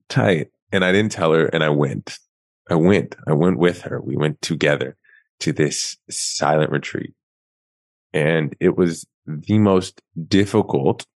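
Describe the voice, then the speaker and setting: Deep-voiced man telling stories animatedly. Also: no echo. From Queens, New York. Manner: animated, self-mocking storyteller. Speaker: guest author. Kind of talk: storytelling in a casual interview.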